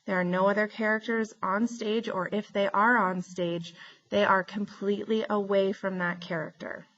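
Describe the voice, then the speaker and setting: A woman teacher giving a recorded lesson, explaining terms in a clear, steady way. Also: mid-range voice, normal speed, lo-fi sound.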